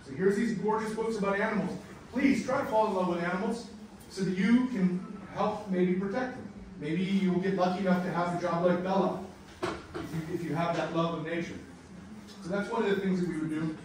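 An American man giving a classroom lecture as a guest nature guide, animated and storytelling, with simple wording for learners. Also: sits high, a little fast, a little hiss or hum. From United States. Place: large lecture hall. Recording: echoey hall from far off.

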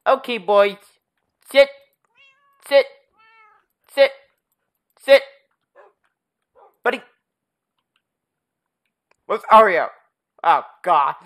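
A host narrating gameplay at an unhurried pace, with a voice that swings freely up and down. Casual and rambling, with plenty of "uh" and "anyway". When calling the pets, the voice jumps high with excitement. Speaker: gaming channel host.

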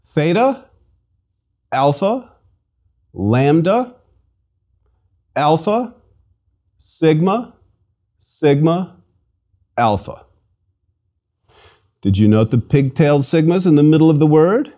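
A man's voice: on the high side, lively intonation, warm tone, lo-fi sound. A man giving a scripted language lesson, patiently spelling out letters and sounding out syllables for listeners to repeat. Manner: slow, patient, enunciates each letter and syllable. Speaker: language instructor.

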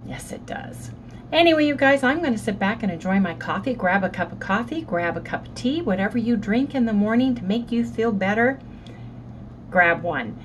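A woman's voice: on the high side, lively intonation, brisk, slight background noise. Chatty woman vlogger, "anyway, you guys". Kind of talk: casual vlog chat.

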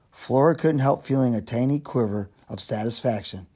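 Male reader, children's chapter book, steady mid-pitched narration. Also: moderate pace, slightly rough. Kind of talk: reading a children's novel aloud.

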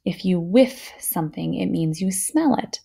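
Slow, patient woman teaching phonics. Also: on the low side, animated, creaky, mellow, breathy edge. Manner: patient and encouraging, sounds words out slowly. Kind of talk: slow, clear phonics lesson for young children.

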